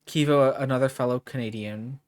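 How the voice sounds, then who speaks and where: A man's voice: medium pitch, fairly even intonation, fairly quick. A male streamer chatting and reacting with amusement while playing a game, laughing often. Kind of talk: casual gameplay commentary. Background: game music.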